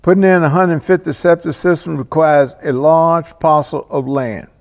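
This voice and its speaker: A man hosting a local cable show, talking through local affairs in a slow, deliberate monologue with pauses and restarts. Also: on the high side, steady tone, a little mellow, big-room sound. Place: local access TV studio.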